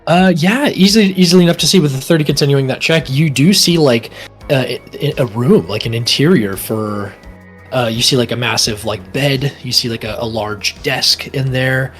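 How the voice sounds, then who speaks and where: Casting note: male dungeon master, ordinary-pitched voice, loose and rambling description. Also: moderate pace, faint music behind. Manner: rambling, full of fillers and hedges. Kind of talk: narrating a tabletop game.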